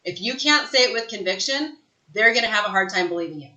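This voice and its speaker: Bright-voiced, emphatic woman trainer. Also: medium pitch, fast talker, roomy sound, low-quality recording. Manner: emphatic, energetic, tags lines with "right?". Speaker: real estate sales trainer. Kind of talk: live online training talk.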